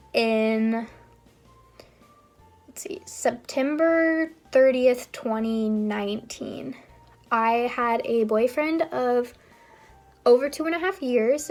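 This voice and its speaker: A woman's voice: a little high, darkish tone. A young woman vlogging, telling a personal story in a casual, rambling way with frequent fillers. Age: young adult. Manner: chatty, rambling with frequent ums and likes.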